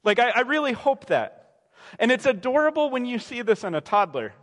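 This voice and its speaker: Young male pastor, high voice, chatty sermon, long reverb, restarts and acted-out quotes. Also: sing-song, fairly quick, fairly bright tone. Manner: conversational, self-correcting, acts out quoted voices.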